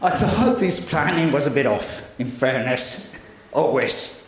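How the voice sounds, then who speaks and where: A man's voice: mid-range voice, lively intonation, a little slow, slight background noise. A man in his forties with an Italian accent, Italian by first language, giving a teasing, hesitant wedding speech as best man. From Italy. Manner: joking, teasing, hesitant with many fillers. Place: large wedding reception room. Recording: very echoey hall with crowd. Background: guests laughing and murmuring.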